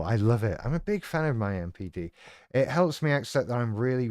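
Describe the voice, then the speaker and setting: Talking fairly quickly in a sing-song, medium-pitched voice with a darkish tone, a live streamer rambles, swears, and riffs on what viewers comment. The recording is dry and studio quality.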